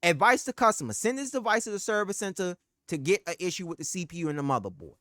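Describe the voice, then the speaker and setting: A woman's voice: lowish voice, expressive, fast talker, a bit bright, no room sound, studio quality. A woman telling a heated, profane story about a bad purchase, in casual storytime style. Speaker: streamer telling a personal story.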